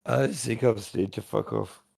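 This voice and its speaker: A man's voice: lowish voice, measured pace, gravelly, darkish tone. An Australian man co-hosting a podcast, joking and swearing in casual crude banter. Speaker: podcast co-host.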